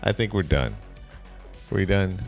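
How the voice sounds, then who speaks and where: A man's voice: lively intonation, unhurried, a little mellow, faint music behind. A man hosting a casual podcast chat, joking and laughing often. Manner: jokey, laughs often, wildly swinging pitch.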